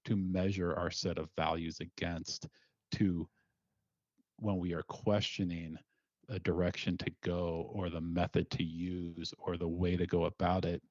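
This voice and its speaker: Deep-voiced, thoughtful male guest. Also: darkish tone, no echo, muffled recording. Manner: thoughtful, measured and sincere. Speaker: podcast guest, single father. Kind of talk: reflective interview talk.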